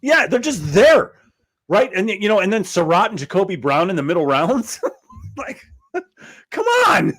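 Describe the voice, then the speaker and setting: A man co-hosting a casual sports podcast, chiming in with excited, laughing remarks. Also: high voice, moderate pace, breathy edge. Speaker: podcast co-host. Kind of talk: casual sports chat over beers.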